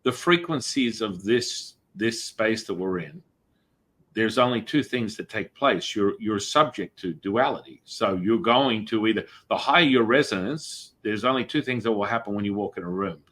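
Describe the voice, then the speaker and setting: A man's voice: on the low side, lively intonation, moderate pace, fairly bright tone. A man hosting a podcast, talking in a meandering, reflective way about spiritual ideas. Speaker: podcast host. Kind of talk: spiritual conversation.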